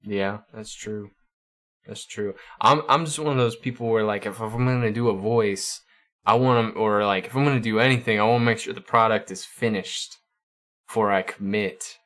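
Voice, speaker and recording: A man's voice: fairly low pitch, normal speed, a bit bright. A man hosting a livestream, chatting casually with viewers and often stumbling over and repeating his words. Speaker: livestream host.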